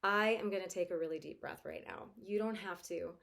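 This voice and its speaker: A woman coaching parents in a soothing, reassuring way, her voice sitting a little low for a woman. She talks them through calm words to say to a worried child, gentle and patient throughout. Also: brisk, creaky. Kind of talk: coaching talk to parents with modeled scripts.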